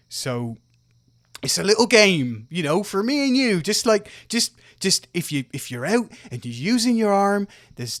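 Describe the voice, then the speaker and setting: A soft-spoken gnome father in a tabletop game, voiced by a man, tender and proud. He talks quietly and kindly in a dry, close sound. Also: a little high, no echo, pitched above the performer's own voice.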